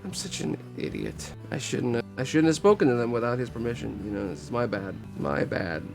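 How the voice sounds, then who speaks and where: A man's voice: medium pitch, normal speed, lightly acted. Man doing timid young shop helper, stammering, apologetic, nervous, faint music behind. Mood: glum.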